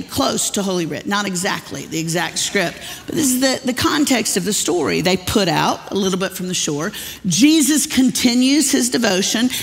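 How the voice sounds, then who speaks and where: A woman pastor, preaching with humorous, folksy storytelling in a large church. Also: mid-range voice. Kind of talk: sermon. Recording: long reverb of a church hall.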